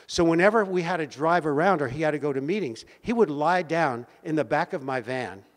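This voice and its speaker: Older male storyteller, seventies, lively delivery with pauses for effect, long reverberant hall. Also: on the high side. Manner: animated, vivid storyteller with dramatic pauses. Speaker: speaker at a community meeting. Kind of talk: personal storytelling talk. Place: meeting hall.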